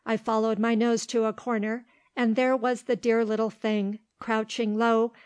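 Woman reading a storybook, kinda high voice, pretty flat and steady. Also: moderate pace, clear, resonant tone, no room sound. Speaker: audiobook reader. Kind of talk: storybook narration.

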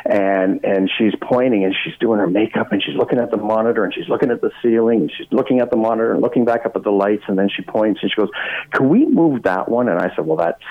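A man's voice: fairly low pitch, quick pace, few pauses, narrow, tinny audio. A man, a guest on a talk show, telling stories from his TV career and acting out what people said. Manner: animated anecdotes with voiced quotes. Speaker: guest, former TV shopping host. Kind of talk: storytelling in a casual chat.

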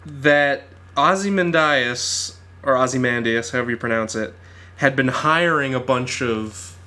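Man, podcast co-host, casual chat, enthusiastic, animated. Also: medium pitch, normal speed. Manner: enthusiastic, animated film talk.

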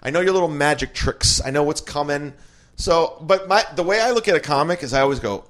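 A man's voice: on the high side, lively intonation, brisk, a bit bright. A man, a comedian hosting a podcast, telling stories emphatically in casual chat. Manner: storytelling, emphatic, stammering restarts. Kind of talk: casual green room chat.

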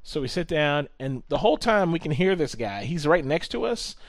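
A man telling a story in casual chat, animated, swearing often and acting out what people said. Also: fairly high pitch, moderate pace, no room sound.

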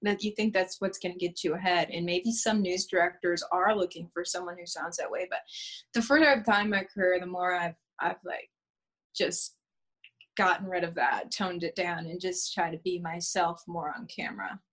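A woman journalist answering questions in a casual interview, speaking in a clear, measured way. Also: fairly low pitch, fairly even intonation, fairly bright tone.

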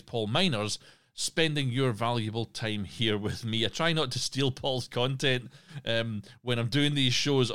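A man's voice: medium pitch, a bit bright. A man hosting a solo podcast, talking casually with asides and restarts. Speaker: podcast host.

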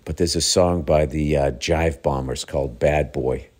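A middle-aged man with a very deep, slightly mellow voice tells family stories at an unhurried pace. His casual storytelling is rambling and profane, and he keeps breaking off mid-sentence to interrupt himself.

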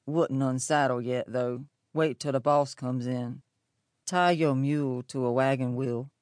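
A woman reading an audiobook, voicing a gruff, sarcastic male camp cook in a lower, grumbling voice. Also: normal speed, no echo, clean studio sound, close to an everyday voice.

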